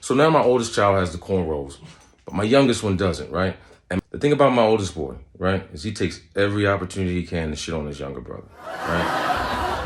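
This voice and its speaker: An animated, profane man tells a comic story in a lowish voice and keeps checking in with "right?". Background noise runs under the whole recording. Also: a little fast. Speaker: comedian, show host. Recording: noisy recording.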